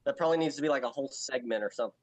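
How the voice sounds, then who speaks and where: A man's voice: medium pitch, rapid-fire, darkish tone, rough recording. A man speaking as a guest on a podcast in casual chat, emphatic and exasperated.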